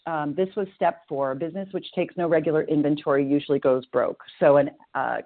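An earnest, measured voice of middle age, speaking at a recovery meeting over a tinny, narrow phone line. The pitch sits at a middle height. Passages from a book are read aloud between thoughtful personal reflections.

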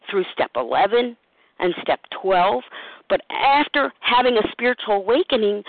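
A woman sharing at a recovery meeting with a steady, earnest delivery. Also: a little high, dry recording. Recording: dry phone-line call audio.

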